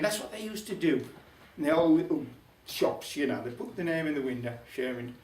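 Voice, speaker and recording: Older Black Country male storyteller, wry and chatty; high, animated voice in a roomy hall, distant mic. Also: a little fast, few pauses. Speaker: folk club storyteller. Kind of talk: humorous storytelling to a live audience. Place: folk club room.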